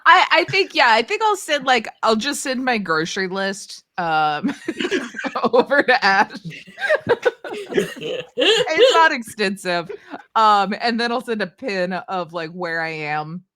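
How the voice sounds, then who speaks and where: Slow, hesitant woman player. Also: medium pitch, very animated, sharp tone. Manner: hesitant and giggly, full of ums and likes. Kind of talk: playing a tabletop game on a livestream.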